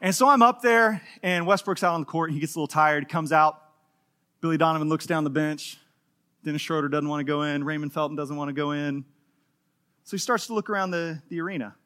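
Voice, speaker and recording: A middle-aged male pastor with a high, bright voice delivers a sermon to his congregation. He tells lively stories with a joking edge, swinging his pitch up when he acts out other characters. The tone is animated and conversational. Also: a little fast. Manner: animated storytelling with playful humor, acting out quotes. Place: church in front of a live congregation.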